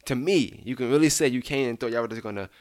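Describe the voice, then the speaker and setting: A man's voice: mid-range voice, quick pace, no room sound, studio quality. A man co-hosting a casual podcast, reading out text messages and chatting with a laugh now and then. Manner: reads out texts, laughs often. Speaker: podcast co-host. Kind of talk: casual chat.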